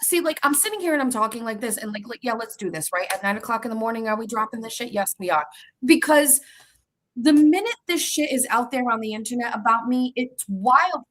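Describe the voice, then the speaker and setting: A woman's voice: fairly high pitch, fairly bright tone, low-quality recording. A young adult woman, hosting her show in a heated, profane monologue, repeating herself as she pushes back at critics. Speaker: show host.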